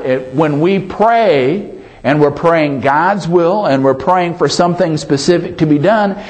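A man preaching a sermon, emphatic, often calling out for an amen. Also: on the high side. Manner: emphatic, calls for amens, animated delivery. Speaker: pastor.

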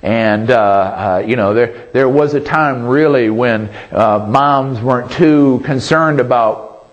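Slow, folksy man preaching a sermon. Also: medium pitch, dull audio. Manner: folksy storytelling with frequent restarts and asking "Amen?".

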